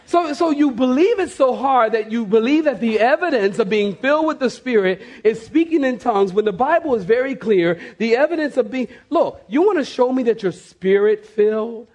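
Animated high-voiced male pastor preaching. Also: normal speed, few pauses. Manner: animated, acts out scenes with mock voices, repeats phrases. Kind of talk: sermon.

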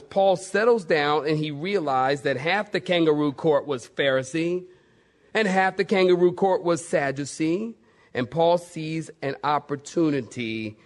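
A male pastor preaching a sermon in a lively, playful way, acting out bits of the story. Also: on the high side. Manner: animated, playful, acts out voices.

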